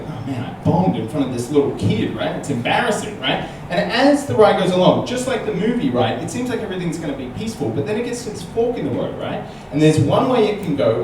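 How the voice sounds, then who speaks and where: A comedian guest with a fairly high voice animatedly tells a comedy story and chats live, often tossing in "right?" It's a small comedy venue with an audience, recorded through a distant mic in an echoey, noisy room.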